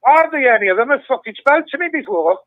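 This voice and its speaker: An older man, calling in over a tinny phone line. His voice sits high, and he swears constantly as he tells a story with plenty of energy. The sound is dry, with no room around it. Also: lively intonation, fast talker, no room sound. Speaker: caller. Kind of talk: casual phone-in chat.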